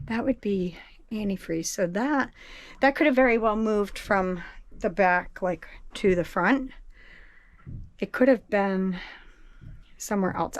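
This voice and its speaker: A woman's voice: medium pitch, smooth. A woman from New England on her boat, out of breath, chatting in a casual, rambling vlog style. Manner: chatty, laughing, slow and rambling. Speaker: boat vlogger. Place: on a boat, below deck.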